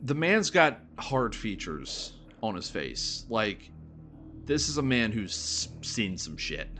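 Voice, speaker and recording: A man narrating as game master of a tabletop horror game, describing scenes in a relaxed way with casual fillers. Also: on the low side, slow. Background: music.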